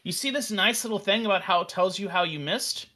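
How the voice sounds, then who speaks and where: A man casually walking through a software demo on a live stream, enthusiastic and rambling, with fillers and restarts. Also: high voice, fairly quick. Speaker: developer demoing a virtual tabletop.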